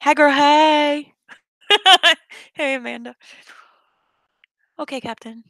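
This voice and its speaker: A woman's voice: medium pitch, fairly quick, sharp tone, no room sound. A woman streamer swearing heavily in a blunt, confrontational rant to her chat. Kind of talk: angry rant on a live stream.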